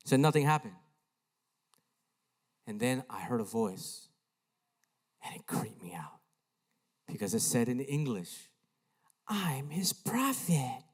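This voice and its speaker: A man preaching a sermon as a pastor, telling a story and acting out the voices of the people in it. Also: mid-range voice. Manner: animated, acts out quoted voices. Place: church sanctuary.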